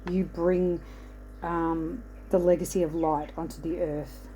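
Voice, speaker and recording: A woman speaking in a mellow, slightly low voice as she rambles through an oracle card reading. She keeps reassuring the listener and checking in with "okay?". A faint hum of noise sits behind her. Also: flat delivery, measured pace, poor audio. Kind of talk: casual spiritual card reading.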